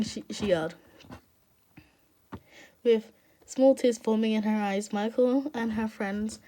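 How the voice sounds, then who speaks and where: A woman's voice: mid-range voice, darkish tone. A woman reading fan fiction aloud in an emotional way, stopping to laugh and apologize.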